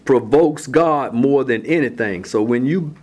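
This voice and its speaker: A man leading a Bible study, who reads scripture slowly and repeats his words as he explains. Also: mid-range voice, darkish tone.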